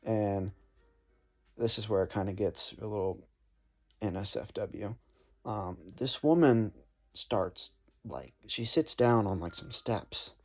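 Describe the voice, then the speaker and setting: Young man, warm mellow voice, rambling casual storyteller. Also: lowish voice, takes it slowly, pauses often, faint music behind. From North Florida. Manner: rambling, laid-back, many fillers and "man". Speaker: saxophone player telling a story.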